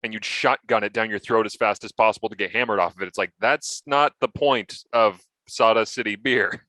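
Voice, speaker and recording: A male host with a bright, forceful voice, recorded dry and close with no room echo. He chats with an enthusiastic, talkative energy. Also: fairly low pitch, a little fast. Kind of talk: casual chat.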